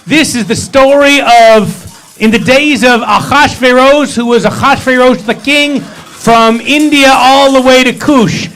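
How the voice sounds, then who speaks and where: A man's voice: very high-pitched, a little slow, fairly bright tone, slight background noise, rough recording. A man leading a congregation, retelling a scripture story in a playful, joking way full of wry asides. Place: synagogue hall.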